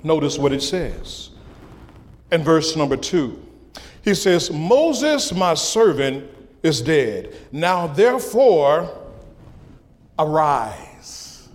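A man preaching a sermon as a pastor, impassioned, rising into sung cries and dropping to hushed lines. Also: a little high, animated, slow, in a large hall.

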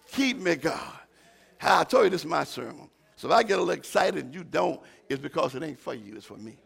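An older man preaching a sermon, moving from quiet, halting talk with repeated words to shouted, fired-up preaching. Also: fairly high pitch, lively intonation, gravelly, husky.

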